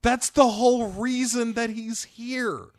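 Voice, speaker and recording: A man co-hosting a podcast, recapping a film in casual, animated chat and acting out lines in quick voices. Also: very high-pitched, no echo. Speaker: podcast co-host.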